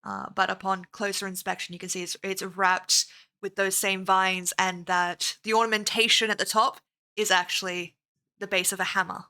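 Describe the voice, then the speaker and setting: A woman describing her character during a tabletop game, chatty and quick to laugh. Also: mid-range voice, little pitch movement, pushed and bright, smooth. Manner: giggly, chatty, laughs a lot. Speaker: player and channel host. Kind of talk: casual tabletop play.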